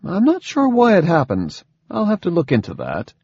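A man voicing a calm, dryly mocking scientist father in an audiobook. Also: high-pitched, normal speed, dry recording, highs cut off, pitched above the performer's own voice, full character voice. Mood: sardonic calm. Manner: dry, smooth, faintly mocking.

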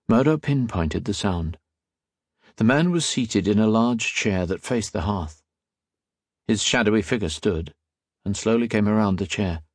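A man reading a novel aloud in a measured, quiet storytelling manner. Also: on the low side, animated, slightly rough, dry recording, studio quality. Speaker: audiobook narrator. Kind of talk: scripted narration.

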